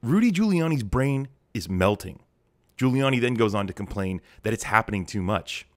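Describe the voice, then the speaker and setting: A man delivers scripted political commentary with a sarcastic, mocking edge. His voice sits on the low side. The sound is dry and close, with no room around it. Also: lively intonation, normal speed, no echo.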